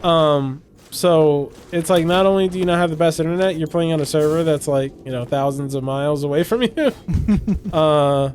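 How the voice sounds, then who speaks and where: A man's voice: moderate pace, darkish tone. A man telling a long story in casual chat while gaming, laughing often and rambling. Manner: rambling storyteller, laughs often, mimics people in higher voices. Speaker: co-host. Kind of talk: casual chat during gameplay.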